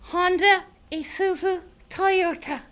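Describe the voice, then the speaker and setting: A man voicing a goofy, silly young male dragon puppet with a squeaky, clowning voice in a ventriloquist act. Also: steady tone, slow, a bit bright, heavily acted.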